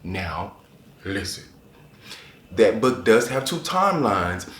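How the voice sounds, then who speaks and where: A man chatting casually to camera as a book reviewer, animated and repeating phrases for emphasis. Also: low-pitched, unhurried. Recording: echoey room.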